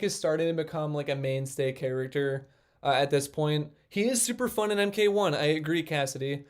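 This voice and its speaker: Male livestream host with a slightly high voice, loose and rambling with frequent ums. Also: clear, resonant tone. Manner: rambling, lots of fillers, self-deprecating. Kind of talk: casual livestream chat.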